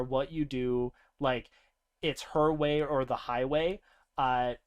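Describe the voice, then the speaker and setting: A young man co-hosting a podcast, casually recounting a tabletop game session with lively laughter. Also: clean tone. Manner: animated, laughing often, breaks into high-pitched character voices. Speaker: podcast co-host.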